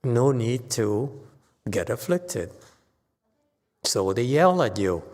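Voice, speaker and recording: A Buddhist master gives a Dharma talk in a temple hall, emphatic and sometimes playfully teasing. His mid-range, slightly mellow voice is very animated but slow, and the recording carries long hall reverb.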